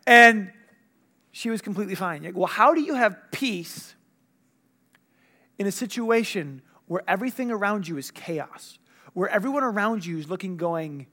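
Man, high-pitched voice, young adult, animated sermon storytelling. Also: moderate pace. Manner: animated storytelling, acting out dialogue. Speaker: preacher.

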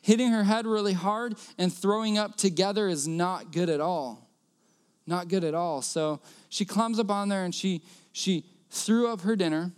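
Male preacher, high and smooth voice, earnest sermon storytelling with repeated key lines. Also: normal speed.

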